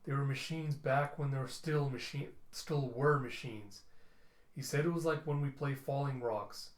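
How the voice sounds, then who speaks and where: A man narrates a comic book in a casual, conversational way. His voice sits in a middle pitch. The recording carries a roomy echo. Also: fairly even intonation, moderate pace. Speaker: comic reviewer.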